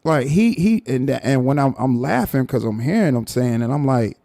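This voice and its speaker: A man rants on his live stream, mocking and animated. His voice is dark and gravelly. The sound is dry and close. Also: mid-range voice, normal speed, few pauses, dry recording. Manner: animated, mocking, repeats himself. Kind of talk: casual commentary rant.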